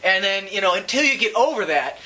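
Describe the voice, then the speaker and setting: Bright-voiced playful science teacher man. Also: high-pitched, very animated, a little fast. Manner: playful, enthusiastic, makes sound effects. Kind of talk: hands-on science lesson with props.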